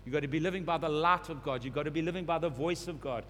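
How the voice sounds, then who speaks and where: A man's voice: fairly high pitch, quick pace, a bit bright. A man preaching a sermon, repeating phrases and building to urgent emphasis. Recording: long hall reverb, faint hum.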